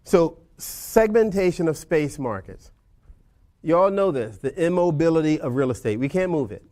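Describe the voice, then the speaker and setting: A man's voice: fairly high pitch, animated, moderate pace, warm tone. A man teaching a class of real estate agents in a loose, conversational way, often checking in with "right?" over a video call. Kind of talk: informal lecture to agents.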